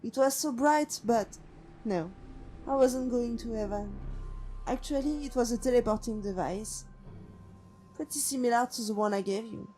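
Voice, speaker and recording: A woman voicing a haunted female synth who was once a killer, telling her past in slow, brooding monologue. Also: on the high side, mellow, lightly acted. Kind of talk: game companion monologue. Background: faint music.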